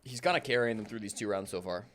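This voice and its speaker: A man's voice: on the low side, quick pace, a bit bright. A man casually co-casting an esports match on stream, joking with chat and calling plays. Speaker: co-stream caster. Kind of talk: casual game commentary.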